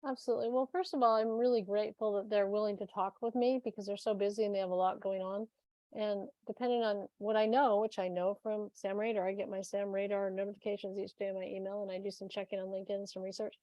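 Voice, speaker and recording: A woman co-presents a webinar in a lively, storytelling way, acting out the people she quotes. Her voice is recorded close and dry, with no room sound. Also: mid-range voice, quick pace, no echo, dull audio. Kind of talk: casual webinar chat, telling anecdotes.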